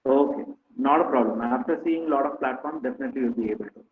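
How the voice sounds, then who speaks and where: A man's voice: medium pitch, fast. Panel judge guy coaching a student, tinny echoey line, faint hum behind. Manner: direct, coaching. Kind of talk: giving feedback. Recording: echoey phone-like call.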